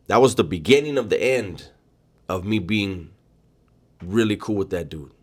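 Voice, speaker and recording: A man with a somewhat low voice recounts his own story in a relaxed, unscripted way. He talks bluntly and swears freely, with plenty of street slang. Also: moderate pace. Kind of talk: casual first-person storytelling.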